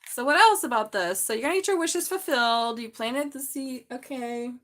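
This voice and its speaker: High-pitched and a bit bright, this middle-aged woman speaks at normal speed with lively intonation and a slightly mumbly delivery. She has a Southern accent and is hosting a live tarot reading, chatty and joking, laughing often as she talks to the chat.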